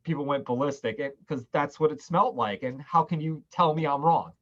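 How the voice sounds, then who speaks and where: A man's voice: on the high side, brisk, lo-fi sound. A man hosting a virtual wine tasting, chatting casually and eagerly telling stories. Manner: enthusiastic storyteller, quotes people. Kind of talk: casual chat.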